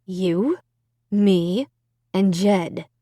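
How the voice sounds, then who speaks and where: A woman reading an audiobook, voicing a stern mother who keeps her voice low and calm through gritted teeth. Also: moderate pace, dry recording, studio quality. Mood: strained calm. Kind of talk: audiobook character voice.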